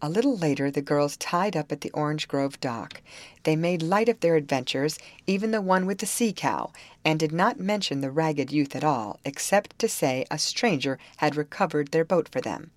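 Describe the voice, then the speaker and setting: A woman reading an old novel aloud in measured scripted narration. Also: sits low, animated, no echo. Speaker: audiobook reader.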